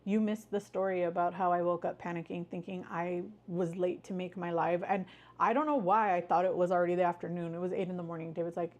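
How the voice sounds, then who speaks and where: A woman's voice: on the low side, fairly even intonation, quick pace. A woman hosting a casual live stream, chatting with viewers in an upbeat, friendly way, greeting them by name and cheering them on. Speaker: livestream host.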